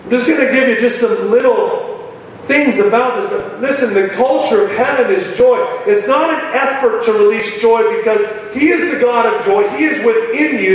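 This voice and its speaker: High-voiced preacher in an echoing hall. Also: male voice. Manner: emphatic, animated preaching. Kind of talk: sermon. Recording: echoey hall from far off.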